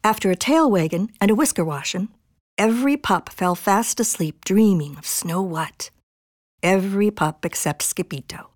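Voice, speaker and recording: A woman reading a children's picture book aloud in an expressive, bouncy storytelling manner. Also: mid-range voice, moderate pace, no echo, studio quality. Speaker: storybook reader.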